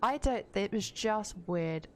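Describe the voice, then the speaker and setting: A woman's voice: mid-range voice, expressive, slow pace, slight background noise. A young woman streaming a game, chatting bluntly with viewers and swearing freely. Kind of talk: casual gaming stream chat.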